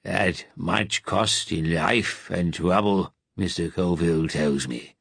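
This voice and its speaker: A man's voice: gravelly, fairly bright tone, slightly rough, no room sound, heavily acted. A man doing a growling, lisping old statesman. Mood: gruff. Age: older. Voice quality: deep growling lisp. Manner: slow, grave and commanding. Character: aged gruff male wartime resistance leader, weary.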